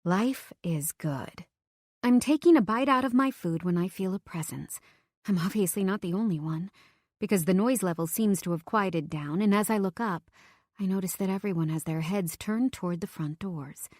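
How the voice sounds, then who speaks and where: A young woman tells a romance story in the first person, lively and expressive, dropping now and then into a soft hush. The recording is dry and close, with no room sound. Her pitch sits in a middle range. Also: normal speed, no echo. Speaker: audiobook narrator.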